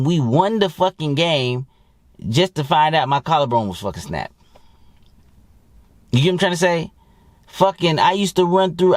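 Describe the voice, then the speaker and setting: A man's voice: fairly high pitch, dry recording, studio quality. A man working as a dating coach, talking in a blunt, heavily profane, rambling monologue to his viewers. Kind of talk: casual profane monologue to camera.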